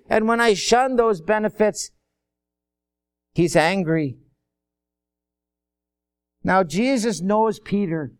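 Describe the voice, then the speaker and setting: High-voiced slow-preaching man. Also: smooth. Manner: folksy, acts out little dialogues. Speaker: pastor. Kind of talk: sermon.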